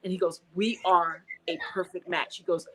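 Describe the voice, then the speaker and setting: A woman's voice: fairly low pitch, moderate pace, breathy edge, poor audio. American woman telling her story. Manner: animated, acts out quoted dialogue. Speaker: guest. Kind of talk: casual interview storytelling.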